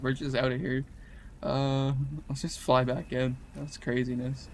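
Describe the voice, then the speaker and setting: A man's voice: medium pitch, monotone, a little slow. A man, casually chatting while streaming a game, with a groggy just-woke-up voice and a rambling, slangy, laid-back way of talking. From Canada. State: groggy morning voice. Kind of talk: casual chat while gaming.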